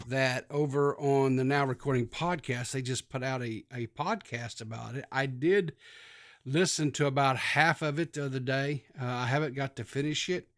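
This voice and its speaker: A man co-hosting a casual podcast, halting and full of filler sounds. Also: mid-range voice, no echo, studio quality. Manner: halting, many filler uhs. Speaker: podcast co-host.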